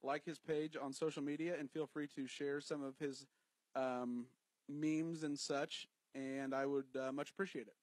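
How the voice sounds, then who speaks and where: A man co-hosting a podcast, chatting casually with quick laughing asides. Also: on the high side, steady tone, dry recording, low-quality recording. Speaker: podcast co-host. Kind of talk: casual chat.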